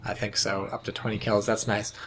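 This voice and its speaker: A man casually casting a strategy game match, chatty and sardonic, with sudden excited outbursts. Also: fairly low pitch, fairly quick. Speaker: game commentator. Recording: noticeable background noise.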